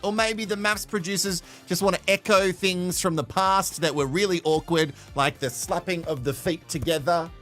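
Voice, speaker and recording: A man's voice: high voice, steady tone, normal speed, few pauses, a bit bright, faint music behind. A man from Australia hosting a live show from home in playful, teasing casual commentary. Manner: chatty, playful, teasing, laughs often. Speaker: host.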